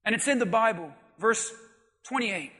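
High, piercing shouting preacher. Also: male voice, expressive, normal speed, big-room sound. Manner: emphatic, shouting, calls on the congregation. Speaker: pastor. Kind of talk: sermon.

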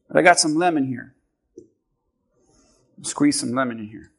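A man preaching a sermon to his church with an object lesson, animated and swinging from quiet asides to shouting. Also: a little high, moderate pace, pauses often. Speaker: pastor.

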